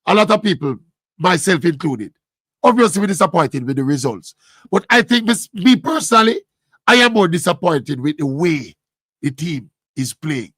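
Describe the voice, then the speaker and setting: A man asking measured, probing interview questions. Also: fairly high pitch, expressive, a bit bright, husky, no room sound.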